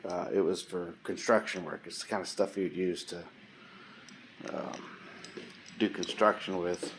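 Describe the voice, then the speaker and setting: A man vlogging, telling a story in a casual, rambling way with many pauses and fillers and folksy, informal speech. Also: low voice, fairly even intonation, a little hiss or hum.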